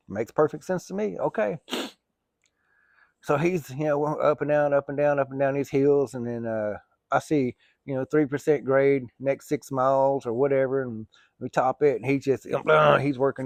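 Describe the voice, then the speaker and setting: A man's voice: medium pitch, a little mellow, no echo. Male truck driver, casual storytelling, rambling, dry close sound. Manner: rambling, chatty, swears casually; laughs easily at his own stories.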